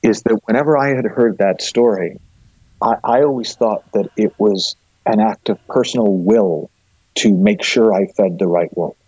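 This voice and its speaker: A man's voice: on the low side, moderate pace, darkish tone, breathy edge, no echo. A middle-aged man, a guest and coach, thoughtfully explaining ideas with vivid images in a reflective conversation, recorded with dull, lo-fi sound.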